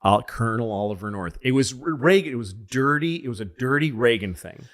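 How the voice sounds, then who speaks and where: A man hosting a podcast, casually telling a long story and acting out the people he quotes in excited, higher voices. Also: a little fast. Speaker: podcast host.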